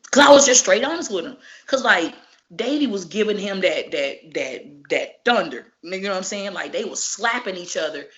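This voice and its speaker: A woman, a professional wrestler, telling stories in a casual interview, animated and profane, acting out each exchange. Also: mid-range voice, normal speed. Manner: animated, profane, acts out dialogue. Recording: muffled lo-fi recording.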